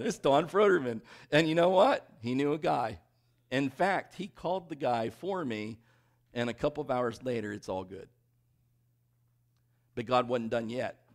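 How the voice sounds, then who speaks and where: A middle-aged man, a pastor, preaching a sermon in a conversational, storytelling way and often checking in with the congregation. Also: mid-range voice. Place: church worship service.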